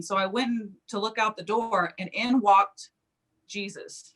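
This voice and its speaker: A woman's voice: mid-range voice, unhurried. A woman, a psychic medium, telling a personal story in an interview and acting out the quoted speech. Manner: animated, acts out quoted speech.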